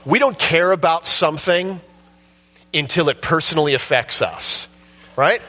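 A man preaching a sermon, telling a story with passion and building to shouts at its peak. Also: on the high side, animated, measured pace. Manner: impassioned storytelling, rising to shouts at the climax. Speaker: pastor.

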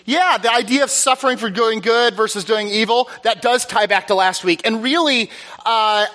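A man preaching in a relaxed, chatty way, with a fairly high voice for a man. His tone is bright and forward, and he jokes at his own expense while checking in with his listeners. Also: moderate pace. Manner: chatty, self-deprecating, keeps checking in with "all right?". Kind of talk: conversational teaching sermon. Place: church service.

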